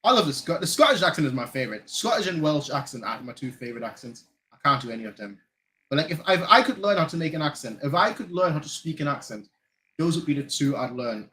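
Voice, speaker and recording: This medium-pitched man from Germany, now living in Manchester, runs a fan channel and talks animatedly and fast through a live match watchalong. His tone is sharp, and he rambles, repeats himself and leans on "like" a lot. The rough recording carries slight background noise.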